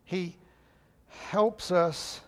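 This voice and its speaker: Male preacher, somewhat high voice, folksy storyteller who clears his throat often. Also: steady tone, very slow. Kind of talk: sermon.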